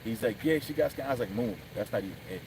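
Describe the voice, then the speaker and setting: Talking fast with lively intonation and a darkish, medium-pitched tone, a vlogger chats while riding outdoors in the city. He acts out the quotes in his story and swears heavily. There's slight background noise, and the recording quality is low.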